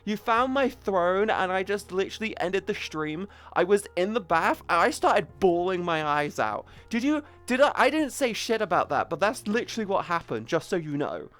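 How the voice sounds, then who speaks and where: A young woman chats on a live stream into a headset mic, playful, crude and affectionate with her viewers. Her voice sits at a middling pitch, and faint game music plays quietly behind her. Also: big pitch swings, moderate pace, few pauses. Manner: playful, crude, affectionate, calls chat sweetie and baby. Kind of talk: casual live-stream chat. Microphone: headset boom mic.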